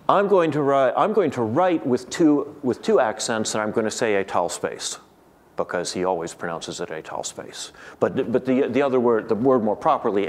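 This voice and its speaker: A middle-aged man giving an academic seminar lecture, thoughtful and digressive, often restarting his sentences. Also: fairly low pitch. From United States.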